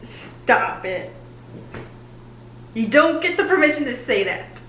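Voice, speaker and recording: Woman reacting live, high voice, slow drawn-out delivery, gushing, roomy echo. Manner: gushing, excitable, talks back to the screen. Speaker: book and TV reviewer. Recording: roomy echo, faint hiss.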